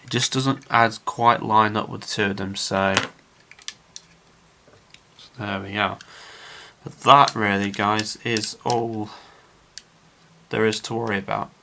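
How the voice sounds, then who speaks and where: Chatty guy talking through a model build, kinda low voice, rambly, says um a lot. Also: flat delivery, slow pace, gravelly, long pauses, background noise. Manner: chatty, rambling with frequent "um", addresses viewers as guys. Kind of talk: casual build vlog narration.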